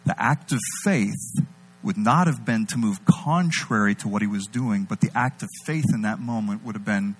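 Husky man preaching with big swings. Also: moderate pace, rough recording. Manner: animated, swings between loud emphatic bursts and low intimate delivery. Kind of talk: sermon.

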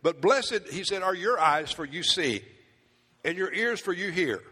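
Man preaching, bright high voice, lively sermon with joking asides, echo of a church hall. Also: a little slow, slightly rough. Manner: animated, playful preaching with acted asides. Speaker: pastor.

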